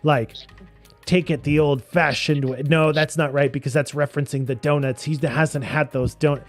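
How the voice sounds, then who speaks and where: A man's voice: on the high side, steady tone, faint music behind. Playful male game master, online call. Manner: playful, laughing, voices characters in quick asides. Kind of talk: narrating a tabletop game.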